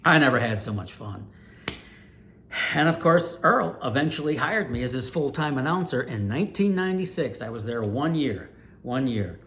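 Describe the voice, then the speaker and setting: Older man, sixties, from Ohio, lively storyteller, big swings in volume, mid pitch. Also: moderate pace, a little hiss or hum. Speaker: retired dirt track race announcer, channel host.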